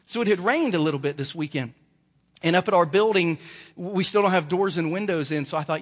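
A man's voice: on the high side, quick pace. A male pastor delivering a sermon in an emphatic, storytelling way. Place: church sanctuary. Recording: reverberant church hall.

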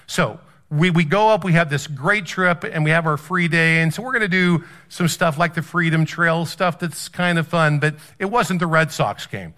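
A male pastor preaches in a relaxed, conversational way, moving through a story with lots of energy. His voice sits fairly high and sounds bright. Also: moderate pace, hardly any pauses. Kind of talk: storytelling sermon.

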